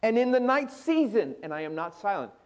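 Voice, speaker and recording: A man's voice: sits high, big pitch swings, fairly quick, a little mellow. A man preaching a sermon with dramatic delivery, acting out scripture in rising and falling intensity.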